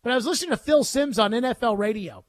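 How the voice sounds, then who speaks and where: A man's voice: very high-pitched, expressive, quick pace. A man hosting a sports talk radio show, ranting emphatically with jokes.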